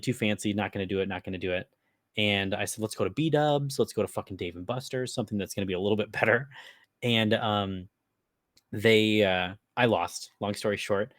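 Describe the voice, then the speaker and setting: A man's voice: lowish voice, no echo, clean studio sound. A man with an Upper Midwest American accent, casually telling a long prank story on a podcast, laughing and swearing as he goes. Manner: rambling, swears freely, laughs while telling. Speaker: podcast co-host.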